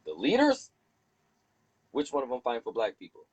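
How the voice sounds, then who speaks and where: A man hosting a heated casual discussion, animated and profane, preaching and acting out other people. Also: mid-range voice, normal speed, a little hiss or hum, poor audio.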